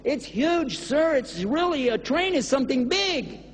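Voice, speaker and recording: A man's voice: very animated, measured pace, long reverb tail, a little hiss or hum, exaggerated voice. A man with a Texan accent voicing a pleading man who urgently warns a stranger about a coming train. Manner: urgent, pleading, climbing high.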